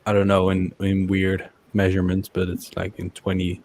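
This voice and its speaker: A man from Europe joining a live stream as a guest, relaxed and easygoing in casual chat. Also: sits low, normal speed, a little hiss or hum.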